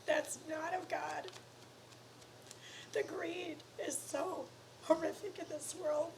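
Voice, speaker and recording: A woman making an emotional personal appeal to viewers, earnest and pleading, close to tears, sometimes dropping to soft whispery words. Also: high-pitched, little pitch movement, slow, vocal fry, slight background noise, poor audio. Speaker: YouTuber asking for donations.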